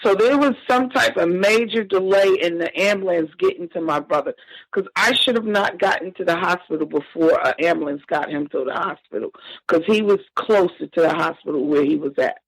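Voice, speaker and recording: A woman telling a painful family story as a podcast guest, halting and emotional with frequent restarts. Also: on the low side, breathy edge, dry recording, rough recording. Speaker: victim's sister, interview guest. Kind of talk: personal account in a podcast interview.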